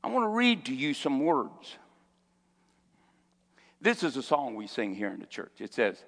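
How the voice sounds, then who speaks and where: A man preaching a sermon as a pastor, building to shouted peaks. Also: medium pitch, sing-song, measured pace, vocal fry, pauses often, in a large hall, faint music behind. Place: church.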